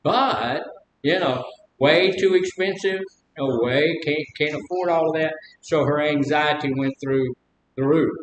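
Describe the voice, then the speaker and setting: Speaking a little slowly in a slightly higher voice, a male counselor leads an informal recovery group. He keeps it conversational, questioning the group and telling humorous personal stories, with roomy echo and faint rumble in the recording.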